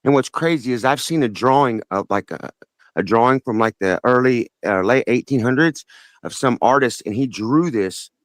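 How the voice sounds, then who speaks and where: A man's voice: mid-range voice, lively intonation, no room sound. Earnest rambling male caller. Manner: earnest, rambling, halting with many restarts. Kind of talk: casual phone-in storytelling.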